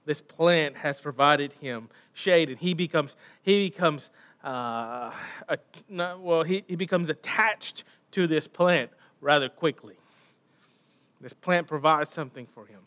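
A man's voice: on the high side, measured pace, fairly bright tone. A man preaching a sermon, retelling a Bible story and posing rhetorical questions to his listeners.

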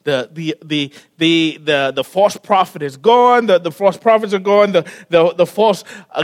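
A man preaching, reading scripture and then retelling the story in a casual, animated way, dropping to a hush for quiet moments and often repeating words. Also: high-pitched, unhurried, hardly any pauses. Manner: casual, with slang and frequent word repeats.

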